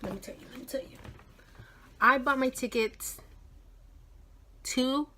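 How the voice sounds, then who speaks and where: An eighteen-year-old woman vlogging a casual story, animated and full of swearing, often dropping into whispers. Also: high-pitched, a little slow, a little hiss or hum.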